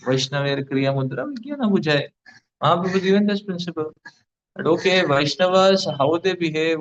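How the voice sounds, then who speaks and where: A man giving a devotional lecture as a spiritual teacher, rambling with many fillers like "you know". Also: on the high side. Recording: dull lo-fi recording.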